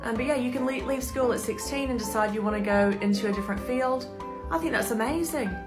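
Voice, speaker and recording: A woman talks straight to camera in a brash, joking vlog style and hits her punchlines hard. Her voice sits a little high. Light music plays faintly behind her. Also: quick pace. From southern United States. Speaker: vlogger. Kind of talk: casual comic vlog.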